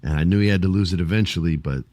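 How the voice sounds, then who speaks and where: A man's voice: sits low, rapid-fire, a little mellow, no room sound. A man hosting a podcast, chatting casually about wrestling, acting out wrestlers' lines and swearing freely. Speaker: podcast host.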